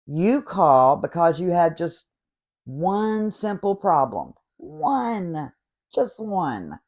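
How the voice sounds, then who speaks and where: Speaking extremely slowly in a lowish, sing-song, slightly mellow voice, a woman in her late fifties hosts a comedic rant. She tells it with sarcastic exasperation and a noticeable regional accent.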